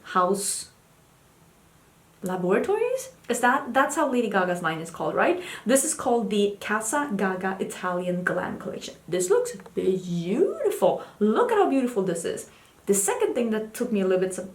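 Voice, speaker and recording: Very animated at normal speed, a woman beauty vlogger casually chats about new makeup releases in a reverberant space. She's candid and chatty, addressing her cat in a high baby voice.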